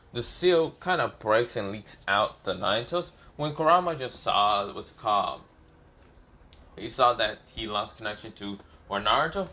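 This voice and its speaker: A man's voice: fairly low pitch, sharp tone. A man casually narrating an improvised fan story, rambling with fillers and self-corrections.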